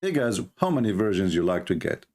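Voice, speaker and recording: Sarcastic man with a lively voice. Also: lowish voice, brisk. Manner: mocking, scornful, rhetorical questions. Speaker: religious debater. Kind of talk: sarcastic monologue.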